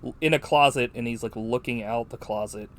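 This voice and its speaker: A man rambles casually through a film discussion on a podcast, stacking up fillers and swearing freely. His voice sits at an ordinary middle pitch. A faint hiss runs under the recording. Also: brisk. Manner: rambling, profane, full of "like". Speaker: podcast co-host.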